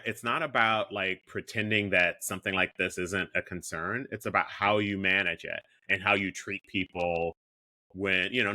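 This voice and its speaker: A man's voice: on the low side, pushed and bright. A man in his fifties co-hosting a podcast, chatting candidly and joking at his own expense. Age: 50s. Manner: candid, self-deprecating, with frequent restarts. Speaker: podcast co-host. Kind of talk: casual chat.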